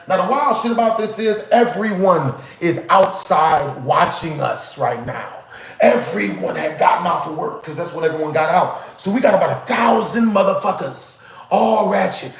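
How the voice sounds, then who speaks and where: Animated, high-voiced man telling a story. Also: roomy sound, poor audio. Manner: profane, animated, repeats "you know what I'm saying". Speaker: streamer. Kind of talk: casual storytelling to a live chat.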